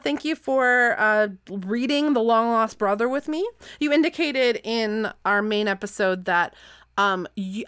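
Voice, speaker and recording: A chatty woman hosting a podcast, rambling through her thoughts with fillers and easy laughter. Her voice sits at a middle pitch. The sound is dry and close, with no room around it. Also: fairly bright tone, smooth, no room sound. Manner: chatty, giggly, lots of fillers. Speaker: podcast host. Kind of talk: casual podcast chat.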